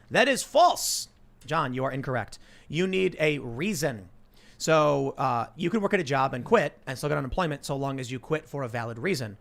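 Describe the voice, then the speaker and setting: A man hosting a casual talk show, telling comic stories in an animated way and repeating words as he cuts in. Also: on the high side, moderate pace, creaky. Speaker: podcast host. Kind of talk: casual chat and comic storytelling.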